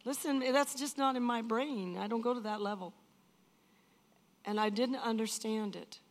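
High-voiced older woman giving testimony. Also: moderate pace. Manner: earnest, emphatic, with repeated phrases. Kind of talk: emotional personal testimony.

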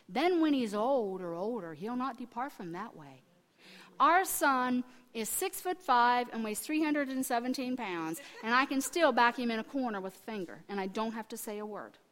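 A middle-aged woman preaches with a fairly high voice, telling family stories and animatedly acting out the people in them. Her sermon rings with the long reverb of a large hall. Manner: animated storytelling, acting out quotes with restarts.

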